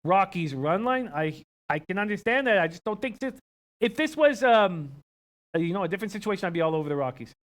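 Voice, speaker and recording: High-voiced casual sports betting host. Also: male voice, brisk. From Canada. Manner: relaxed, filler-heavy, reads betting lines aloud. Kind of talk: casual live-stream chat reading viewer comments.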